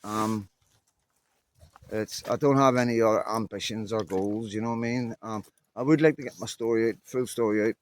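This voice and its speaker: A man's voice: lowish voice, a little hiss or hum. Rambling Northern Irish man in his fifties. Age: 50s. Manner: rambling, candid, blunt, mild swearing. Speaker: vlogger. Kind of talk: casual monologue to camera. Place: outdoors on a muddy walk.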